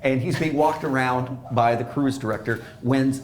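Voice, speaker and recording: A man's voice: mid-range voice, normal speed. A man running a tabletop game, describing scenes in a rambling way and correcting himself as he goes. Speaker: game master.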